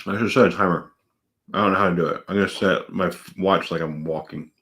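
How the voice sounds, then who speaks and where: A man's voice: low-pitched, fairly even intonation, fast, fairly bright tone. A man in his thirties, a police officer and vlogger, chatting casually at home while eating donuts with his mouth full. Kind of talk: casual vlog, eating challenge.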